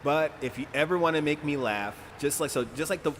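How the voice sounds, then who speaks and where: A man's voice: a little high, fairly quick, fairly bright tone. A man live streaming a game, chatting casually with viewers, giggling often and rambling through restarts. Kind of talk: casual gameplay chat. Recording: noisy background.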